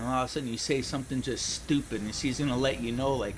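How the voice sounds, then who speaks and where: A man's voice: medium pitch, quick pace, few pauses, a bit bright, slight background noise, poor audio. A young man gaming at home, telling a long rambling story, laughing often and calling people dude and man. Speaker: gaming streamer. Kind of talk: casual storytelling while gaming.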